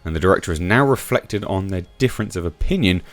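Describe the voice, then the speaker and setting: With lively intonation and a quick pace, this YouTube commentator reads quotes aloud and reacts with casual sarcasm. He swings from a low mutter to sudden high emphasis in a chatty way.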